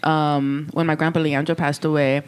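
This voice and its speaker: A woman's voice: deep voice, level tone, moderate pace, smooth. A woman co-hosting a podcast in casual chat, telling a personal story with lots of fillers. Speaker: podcast co-host.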